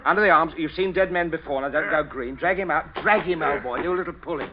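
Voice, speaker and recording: An actor playing a genial but menacing middle-aged father who gives orders at gunpoint, chuckling and calmly commanding, in a 1940s radio drama. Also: fairly high pitch, fast, background noise, lightly acted. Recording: dull old radio broadcast.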